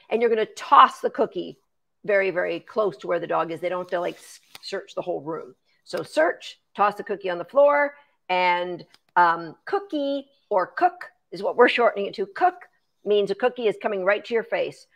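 A woman, a dog trainer, chatting through a live Q&A, explaining training steps and thanking viewers by name. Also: medium pitch. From Canada. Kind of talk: live-stream Q&A.

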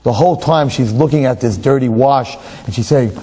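A middle-aged man, a rabbi, delivering a sermon with stories in an emphatic, animated preaching manner. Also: medium pitch, normal speed, few pauses, slightly rough. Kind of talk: sermon with storytelling.

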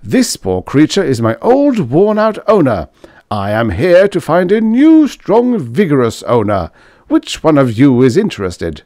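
A man's voice: a little high, wildly swooping pitch, unhurried, darkish tone, no echo, studio quality, voice pushed up. A man voicing a huge boastful male android who declaims grandly about himself in a storybook reading. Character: boastful big male android, pompous and loud.

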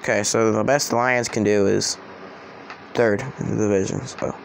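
A man's voice: on the low side, fairly even intonation, moderate pace, gravelly, slight background noise. A man giving casual spoken predictions for a vlog, rambling and often correcting himself. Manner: rambling, self-correcting, chatty. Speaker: sports vlogger.

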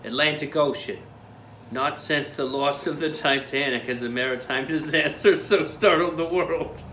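A man's voice: fairly high pitch, normal speed, a bit bright, a little hiss or hum, pitched above the performer's own voice, close to an everyday voice. A man putting on a hammy Boston newsreader. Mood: mock-dramatic. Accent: Boston, put on. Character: man reading a news article in a put-on accent. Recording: echoey room.

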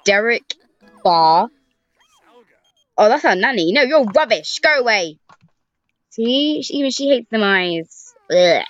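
A woman's voice: on the high side, animated, slow, long pauses, no echo, highs cut off, faint music behind. A young woman giving casual let's-play commentary, chatting to the characters in her game with sighs and groans. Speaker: gaming YouTuber. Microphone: desk microphone.

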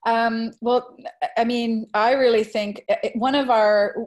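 A woman presenting on education in a webinar, answering questions earnestly and reflectively, warming into animated storytelling. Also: fairly high pitch, slow. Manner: earnest, reflective, often hedging with "I think"; grows animated when retelling classroom stories. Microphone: video call.

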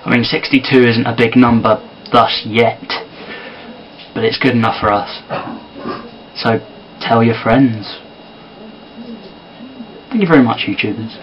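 A man talking quietly and softly to camera in a casual sit-down vlog. He sounds tired. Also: medium pitch, a little slow, pauses often, dull audio, a little hiss or hum. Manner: quiet and soft-spoken. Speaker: vlogger and amateur filmmaker.

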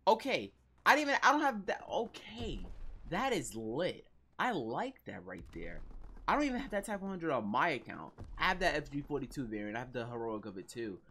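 Animated, excitable gaming commentator. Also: mid-range voice, fairly quick, husky. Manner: excitable, frustrated, slangy, restless. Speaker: gaming YouTuber. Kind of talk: casual gameplay commentary.

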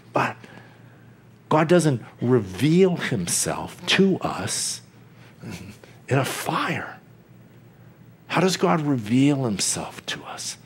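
A man preaching a sermon as pastor, slow and deliberate, with dramatic pauses, sudden quiet drops and chuckles between points. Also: medium pitch, breathy edge.

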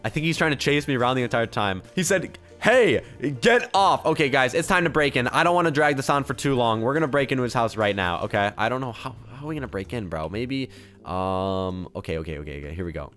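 Excitable young man narrating gameplay. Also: mid-range voice, fast talker, faint music behind. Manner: excitable, jumps between hushed and shouting. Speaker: gaming YouTuber.

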